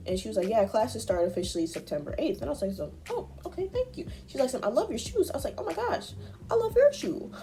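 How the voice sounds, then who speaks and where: A young woman vlogging a casual life update, chatty, acting out her conversations in squeaky high voices. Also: mellow. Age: young adult.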